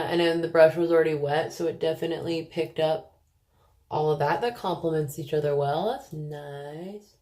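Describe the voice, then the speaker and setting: A woman's voice: deep voice, darkish tone. A woman beauty vlogger chatting casually through a makeup tutorial, self-deprecating, with sudden exclamations. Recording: echoey room.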